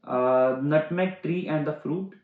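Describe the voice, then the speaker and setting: Man teaching exam reading, fairly high voice. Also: slow, roomy sound, narrow, tinny audio. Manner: explains step by step, restating words in simpler terms; frequent "uh" fillers. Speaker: IELTS teacher. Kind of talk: online exam-prep lesson.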